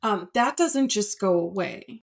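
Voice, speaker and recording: A woman's voice: mid-range voice, animated, unhurried. A woman therapist, a guest on a podcast, explaining in casual conversation with plenty of fillers. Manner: explaining plainly with many "like" and "um" fillers.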